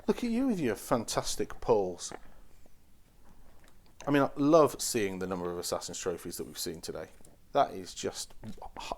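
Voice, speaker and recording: A man's voice: fairly low pitch, expressive, moderate pace. A man hosting a casual card-opening stream, chatty and teasing as he talks to the packs. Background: crinkling foil wrappers.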